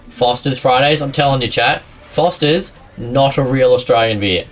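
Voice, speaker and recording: A man's voice: mid-range voice, moderate pace, hardly any pauses, recorded from a distance, faint music behind. A man streaming a game, chatting casually with his viewers and a friend, often laughing and rambling. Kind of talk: casual live-stream chat while gaming.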